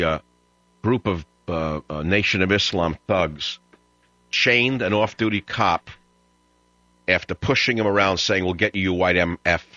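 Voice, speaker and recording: A man's voice: deep voice, pushed and bright, no echo. A man hosting a talk radio show, ranting and mocking in a combative monologue. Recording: slightly dull lo-fi broadcast audio.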